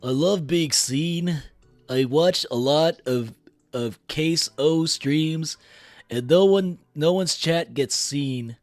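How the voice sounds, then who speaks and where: A man putting on the voice of an obnoxious, snot-nosed nerdy young man, with a plugged-up, nasal, chipmunky sound and a slow, smug drawl. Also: on the high side, darkish tone, no room sound, clean studio sound, faint music behind.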